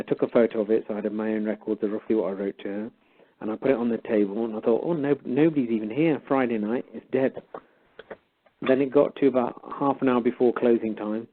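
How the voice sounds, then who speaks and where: A man casually telling a story and quoting both sides of a conversation. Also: on the low side. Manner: animated retelling, quoting both sides of a dialogue. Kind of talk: casual storytelling on a call-in show. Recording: phone-line audio.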